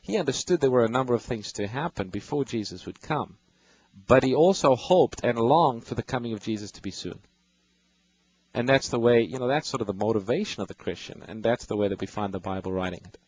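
Radio bible host, male, husky voice, patient explainer. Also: medium pitch, expressive, a little fast, darkish tone, low-quality recording. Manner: patient, explanatory, reads verses aloud. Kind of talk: explaining scripture to callers.

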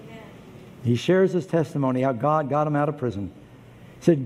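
Animated preacher in an echoey hall. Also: male voice, brisk. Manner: animated storytelling, acts out voices, pitch jumps up for emphasis. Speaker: pastor. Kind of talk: sermon. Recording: long hall reverb, faint ambience.

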